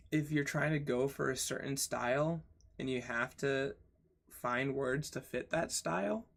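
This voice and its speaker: A man reading a book aloud on his channel, haltingly, spelling out hard words and stopping to comment. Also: medium pitch, creaky, a bit bright. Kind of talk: casual read-aloud with comments.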